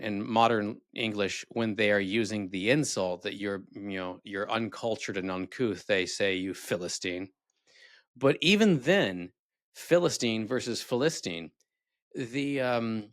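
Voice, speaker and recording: A man's voice: medium pitch, fairly bright tone, dry recording, studio quality. A man hosting a video, giving sarcastic, rambling, critical commentary. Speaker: video host. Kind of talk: casual commentary.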